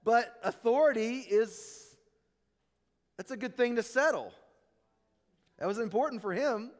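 A man preaching a sermon, telling stories and acting out quotes, then dropping low and quiet to drive a point home. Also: a little slow, big-room sound. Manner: storytelling preacher, acts out quotes, drops low for emphasis. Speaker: pastor.

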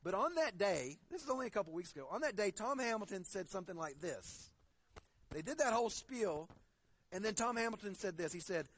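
A male pastor preaching a sermon. He reads scripture slowly and deliberately, then tells stories in a conversational way, often restarting his sentences. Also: sits high, lively intonation, a bit bright. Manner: conversational storytelling with frequent restarts.

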